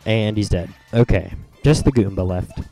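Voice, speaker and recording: A man's voice: on the low side, normal speed, mellow. A young man casually commenting on a video game he is playing, rambling with lots of fillers and reading the on-screen text aloud. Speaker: let's play host. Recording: faint game music behind.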